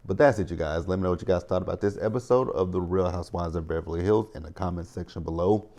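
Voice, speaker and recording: A man's voice: sits low, fast, mellow. A man in his thirties giving a chatty, opinionated recap of a reality show, talking straight to his viewers. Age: 30s. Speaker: TV recap host.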